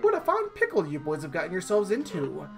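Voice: medium pitch, huge pitch swings, brisk, music in the background. Elder Kettle, a gamer reading a wise old kettle. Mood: earnest.

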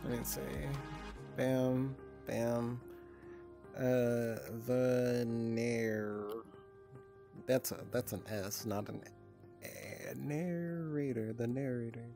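A man talking casually to his stream chat in a mid-pitched voice. He swears freely, laughs a lot, and flips between being flustered and teasing. Faint music plays underneath. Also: steady tone, drawn-out words, warm tone. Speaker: livestreamer.

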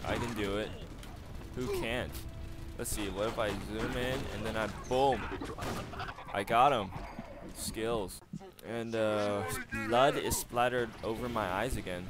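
A man's voice: lowish voice, fairly even intonation, slow, pauses often, music in the background. A man giving profane, sarcastic commentary over his own video game play, ranting and swearing at it. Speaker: gamer commentator. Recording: game audio noise behind.

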